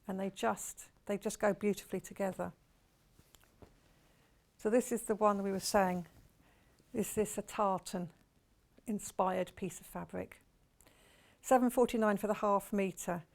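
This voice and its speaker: A British woman presents live on a TV shopping channel, chatty and enthusiastic as she gushes over each fabric. Her mid-range voice is gravelly with a darkish tone.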